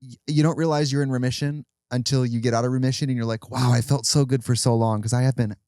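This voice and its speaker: A man co-hosting a comedy podcast, trading deadpan quips in casual chat. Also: medium pitch, quick pace, no room sound, studio quality. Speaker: podcast co-host.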